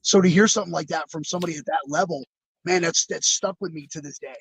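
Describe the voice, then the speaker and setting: A man's voice: fairly high pitch, fast talker, vocal fry, husky, low-quality recording. A man being interviewed over a video call, telling rambling, reflective stories with many fillers and restarts. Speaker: interview guest, former wrestler. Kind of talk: casual storytelling.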